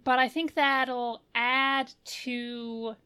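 A woman's voice: high-pitched, level tone, very slow, bright, forceful tone, clean tone. A woman co-hosting a podcast in casual chat, thoughtful, often restarting and hedging her points. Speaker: podcast co-host.

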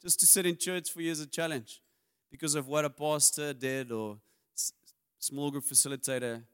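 Man, pastor, sermon, candid and self-mocking, fairly high smooth voice. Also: steady tone, moderate pace, a bit bright. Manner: candid, confessional, self-deprecating humor.

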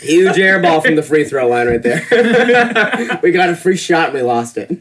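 A young man co-hosting a podcast, chatting casually and joking, dropping into quick quoted voices. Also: a little high, animated, a bit bright. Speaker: podcast co-host. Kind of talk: casual chat.

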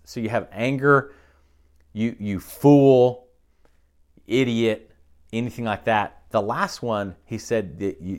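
A man giving a sermon in an easy, conversational way. His voice sits at an ordinary middle pitch, and he keeps checking in with his listeners as he goes. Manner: conversational preaching with frequent "okay?" check-ins. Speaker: pastor.

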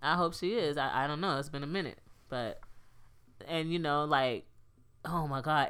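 A woman's voice: deep voice, moderate pace, clear, resonant tone. A woman co-hosting a casual podcast, telling stories and acting out quotes. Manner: animated storyteller, acts out quotes. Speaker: podcast co-host. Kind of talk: casual chat.

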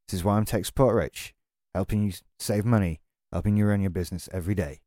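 A man's voice: on the low side, quick pace, warm tone, no room sound, studio quality. A man delivering an exasperated, sarcastic, sweary rant as a tech vlogger. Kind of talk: ranting monologue to camera.

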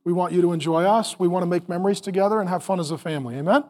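A middle-aged man preaching a sermon to parents, animated and acting out family scenes, then dropping to a soft calm voice. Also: high-pitched, racing. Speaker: pastor.

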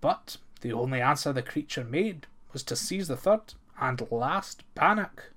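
Bright-voiced male folktale reader. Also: medium pitch, expressive, a little slow. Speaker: narrator. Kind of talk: storybook folktale reading.

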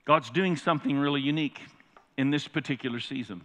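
A man's voice: medium pitch, quick pace, a bit bright. A man preaching a sermon as pastor, emphatic and often putting questions to the congregation. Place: large church sanctuary. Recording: reverberant church hall.

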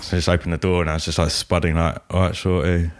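A man's voice: low-pitched, little pitch movement, racing, dry recording. A young man telling a story in casual chat, laid-back, swearing freely and saying "like" a lot.

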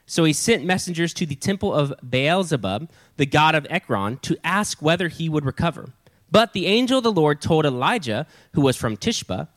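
A man preaching a sermon as pastor, reading scripture aloud in a lively way and acting out the characters' lines. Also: fairly high pitch, moderate pace.

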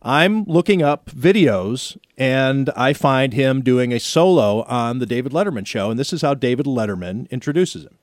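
A man's voice: medium pitch, lively intonation, normal speed, dry recording, clean studio sound. A man hosting a radio talk show, telling a story in a chatty, playfully indignant way. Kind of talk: casual studio banter.

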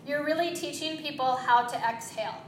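Gentle woman guiding breathing in echoey room. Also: high-pitched, slight background noise. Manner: gentle, encouraging, slow cueing with quick asides. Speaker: yoga teacher. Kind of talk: guided breathing instruction.

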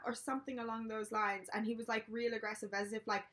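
A woman's voice: fairly high pitch, little pitch movement, a little fast, few pauses, bright, forceful tone. A young woman, a podcast co-host who rambles and searches for words in casual chat.

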